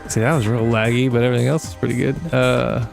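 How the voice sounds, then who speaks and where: A young man hosting a gaming channel, telling long rambling stories and swearing casually while he plays, with quick jumps in pitch when he imitates people. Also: flat delivery, vocal fry, music in the background. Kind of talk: casual let's-play chat while gaming.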